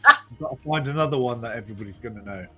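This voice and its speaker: A man's voice: mid-range voice, rapid-fire, sharp tone, faint music behind. A man bantering with friends on a voice call, joking, swearing and teasing. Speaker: participant in a group voice chat.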